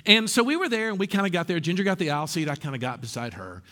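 Animated pastor preaching. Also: male voice, fairly high pitch, rapid-fire, long reverb tail. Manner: animated storytelling with humor and asides. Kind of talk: sermon. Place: church sanctuary.

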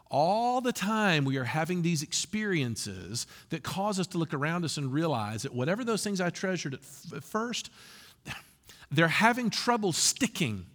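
A man preaching a sermon as a pastor, telling stories and acting out quotes with lively delivery. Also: on the high side. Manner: animated storytelling with acted quotes. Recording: long reverb of a large hall.

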